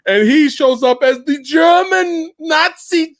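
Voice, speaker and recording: A man hosting a casual live movie review chat, animated and swearing, acting out scenes with loud quoted lines. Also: very high voice, slow, dry recording. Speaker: podcast host.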